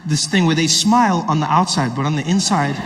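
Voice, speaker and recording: A man performing stand-up comedy, telling a story in an animated way and acting out both sides of it. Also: a little high, a little fast. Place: large comedy venue. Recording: echoey live venue with loud crowd noise. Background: audience laughter.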